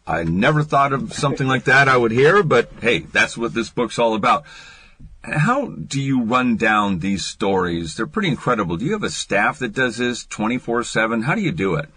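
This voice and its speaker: Curious radio host man, husky. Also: mid-range voice, big pitch swings, normal speed, pushed and bright. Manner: conversational, curious questioning. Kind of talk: radio interview.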